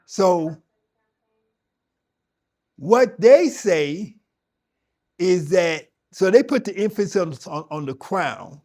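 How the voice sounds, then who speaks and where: A man's voice: high voice, animated, takes it slowly, long pauses, dark tone. Emphatic, conversational man teaching yoga. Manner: conversational, emphatic, with frequent restarts. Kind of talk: spoken talk to a yoga audience.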